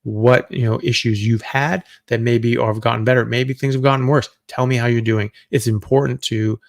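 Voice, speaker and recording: A man's voice: medium pitch, flat delivery, normal speed, gravelly, no echo. A middle-aged man, a doctor hosting a live Q&A, answering viewer questions in a loose, conversational way as he thinks aloud.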